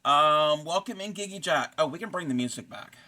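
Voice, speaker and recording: A man chats on his crochet live stream with a bright, forward voice. He rambles through greetings to his viewers and drops puns and references as he goes. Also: fairly high pitch, animated, fairly quick. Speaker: crochet streamer and fiber artist. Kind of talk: casual live-stream chat.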